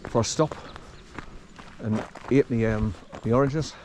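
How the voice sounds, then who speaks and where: A man filming his hike strolls a country forest track, chatting loosely to the viewer as he walks. His mid-range, darkish voice takes a measured pace, with a little hiss or hum underneath.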